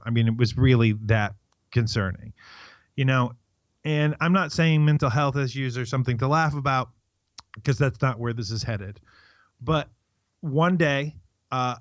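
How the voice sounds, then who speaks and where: A man's voice: medium pitch, dry recording. Middle-aged man, rambling podcast storyteller. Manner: rambling storyteller, chatty and self-interrupting. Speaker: podcast co-host. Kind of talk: casual chat. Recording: dry, slightly dull lo-fi sound.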